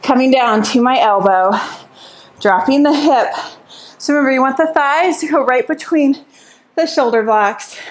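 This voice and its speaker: A woman's voice: high voice, moderate pace. A woman Pilates instructor leading a workout class while exercising along, out of breath at times, counting reps and cheering.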